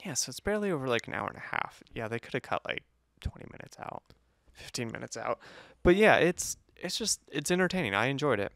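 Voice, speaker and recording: A man co-hosting a movie review podcast, talking casually and teasing his co-host, with a gravelly voice. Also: mid-range voice, very animated, fast talker, fairly bright tone, no echo, studio quality. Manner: playful, teasing, lots of fillers.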